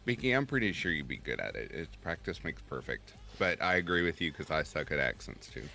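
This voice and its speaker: A man hosting a casual livestream chat, animated, laughing often and reading out chat comments. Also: a bass voice, a little fast, creaky. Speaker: stream host.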